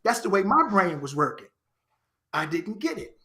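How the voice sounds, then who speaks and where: A man from Chicago, a podcast guest, telling his life story in an earnest, animated way and repeating phrases for emphasis. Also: high voice, moderate pace. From Chicago, United States. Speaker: podcast guest, actor and writer. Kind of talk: reflective personal storytelling.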